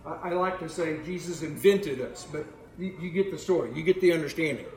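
A man's voice: a little high, fairly quick, darkish tone. A man preaching a sermon, often repeating his words and asking the congregation questions. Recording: echoey room, faint background noise.

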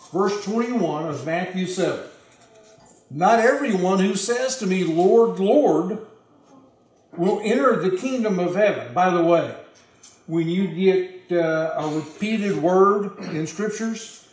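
A man's voice: high-pitched, roomy sound, poor audio. A man preaching a sermon, reading scripture aloud and pressing its points on his listeners in an earnest, emphatic way. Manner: earnest, emphatic, addresses the congregation directly.

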